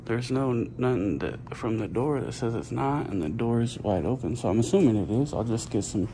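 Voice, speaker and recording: A man's voice: medium pitch, expressive, moderate pace, mellow, slight background noise. A man filming inside a public office, arguing with staff and repeating his questions. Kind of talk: confrontational auditor video.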